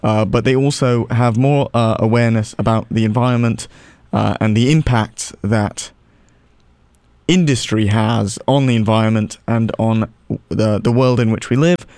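A man's voice: medium pitch, normal speed, darkish tone, clean tone, no room sound. A man hosting a college radio show, chatting casually with a wry, sarcastic manner and frequent "uh" fillers.

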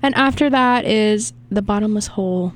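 A young woman with a Southern American accent hosts a radio music show, chatting loosely between tracks. She rambles in a chatty, self-deprecating way. Her voice sits at an ordinary middle pitch. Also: normal speed. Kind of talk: casual radio DJ chat between songs.

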